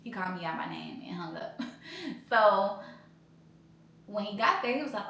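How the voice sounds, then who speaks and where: Young woman, blunt storyteller, bright tone, very echoey room, faint hiss. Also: moderate pace, creaky, long pauses. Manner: animated, blunt, profane, mimics others with sudden high loud outbursts. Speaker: podcast host telling her breakup story. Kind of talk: casual storytelling vlog.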